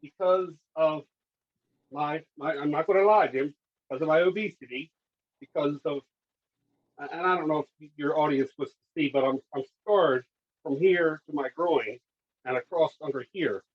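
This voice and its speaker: A man with a husky, slightly raised voice tells his story in a casual podcast chat. He gets animated and acts out the dialogue with doctors and nurses. The audio sounds dull and lo-fi, like a remote call. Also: fairly high pitch, moderate pace. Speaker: guest.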